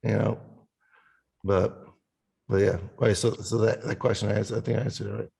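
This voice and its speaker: In a casual podcast chat, this male musician guest, who comes from an Italian family, talks in a rambling way, cursing frequently and slipping into sung snippets. He speaks a little fast in a lowish, gravelly, slightly mellow voice with little pitch movement.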